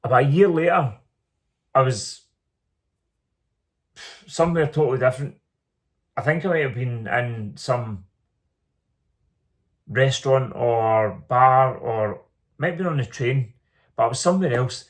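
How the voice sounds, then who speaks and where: A man's voice: medium pitch, a little slow, long pauses. An earnest man in the middle of his speaking range, telling his own story as a reflective monologue. He leans on repeated phrases to drive his points home. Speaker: small business owner telling his story.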